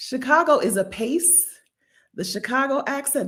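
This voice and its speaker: Host, woman in her fifties from Delaware; emphatic casual commentary, lively swooping pitch, laughs often. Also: moderate pace. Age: 50s.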